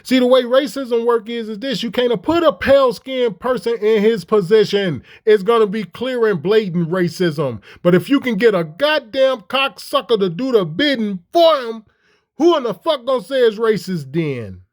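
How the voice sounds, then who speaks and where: A man's voice: very high voice, expressive, moderate pace. A man giving profane, heated commentary, firing off mocking rhetorical questions. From Chicago. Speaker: commentator reacting to clips.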